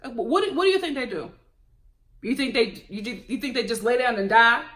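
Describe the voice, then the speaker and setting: A woman's voice: a little high, brisk. A woman giving a casual reality-TV review as a vlogger, talking in a sassy, opinionated way. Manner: sassy, animated, opinionated ranting with laughs. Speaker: TV recap vlogger.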